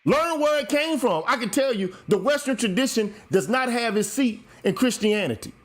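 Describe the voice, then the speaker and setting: A man's unusually high voice carries a lively, rising-and-falling delivery. He lectures in an emphatic, heated monologue, swearing freely as he hosts. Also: moderate pace. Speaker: show host.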